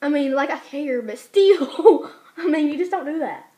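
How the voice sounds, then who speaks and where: A woman's voice: sits high, expressive, measured pace, dark tone. A teenage girl chatting casually as a vlogger, giggly and acting out what other people said. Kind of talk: casual chat.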